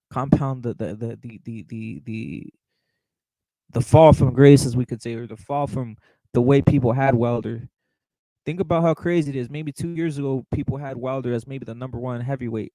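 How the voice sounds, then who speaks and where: A young male boxing talk host chats casually on a livestream, his mid-pitched voice close on a dry mic with no echo. He swears bluntly, repeats the same phrases, calls viewers brother, and responds to live chat. The recording is rough.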